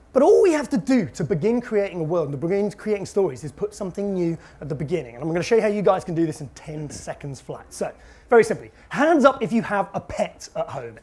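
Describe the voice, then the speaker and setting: A man's voice: high voice, a little mellow, husky. A young man, a comic book author, giving a playful, exaggerated live talk to an audience of children. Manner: playful and exaggerated, quick to laugh at his own jokes.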